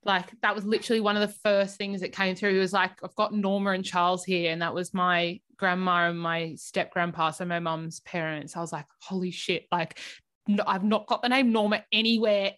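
A woman's voice: fairly low pitch, steady tone, brisk, a bit bright. A young woman co-hosting a casual podcast, chatty and emotional, filling her talk with "like" and the odd swear word. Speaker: podcast co-host.

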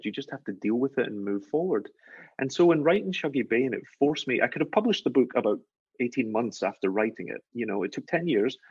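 A man with a Glaswegian accent, an author guest speaking in a thoughtful, earnest, measured way. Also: medium pitch, slightly rough, dry recording, dull audio. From Scotland. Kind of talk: reflective interview talk.

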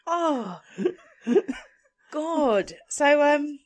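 Exasperated sweary woman, high lively voice. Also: very slow. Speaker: podcast co-host. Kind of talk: casual ranting film review.

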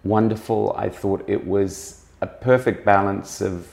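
Deep gravelly-voiced male fashion critic. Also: fairly even intonation, unhurried, darkish tone. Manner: musing, circling back to rephrase his points. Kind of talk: conversational interview.

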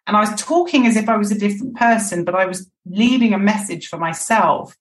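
A woman's voice: medium pitch, a little fast. Frank woman on an echoey distant mic. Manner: frank, reflective, restarts phrases often. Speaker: guest. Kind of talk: candid podcast conversation.

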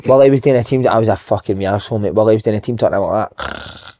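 A man's voice: fairly low pitch, very fast, mellow. A Scottish man, a podcast co-host, telling laddish, sweary stories and calling everyone mate. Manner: laddish, swears a lot, calls people mate. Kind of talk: casual chat.

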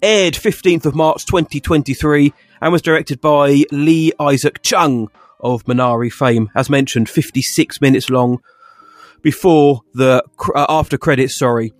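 A man's voice: a little high, a little slow, no echo, faint music behind. A young English man co-hosting a podcast, with jokey, theatrical patter. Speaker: podcast co-host. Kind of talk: casual chat.

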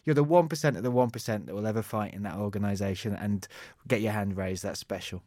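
A man's voice: lowish voice, fast talker, darkish tone, no room sound, clean studio sound. A man co-hosting a sports podcast, joking and explaining in a chatty, teasing way. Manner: joking, explanatory, says "mate" often. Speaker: podcast co-host. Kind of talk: casual sports podcast chat.

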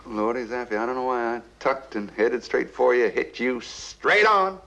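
A man's voice: mid-range voice, moderate pace, vocal fry, a bit bright, low-quality recording. An actor playing a drunk, cowardly rich man who rambles with a bitter, wistful edge. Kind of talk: TV drama acting.

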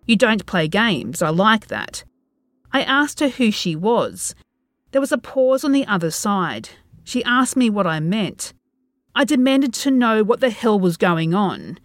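A woman's voice: mid-range voice, no echo. A woman narrating a first-person horror story in a tense, dread-filled storytelling manner.

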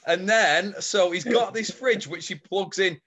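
A man's voice: high-pitched, measured pace, pushed and bright, breathy edge. A man, co-hosting a casual chat and retelling a story, laughing and swearing as he goes. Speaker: podcast co-host.

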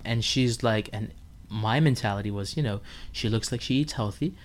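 A man's voice: fairly low pitch, moderate pace. A man, a chef guest, telling stories in casual chat, acting out other people's lines and laughing often.

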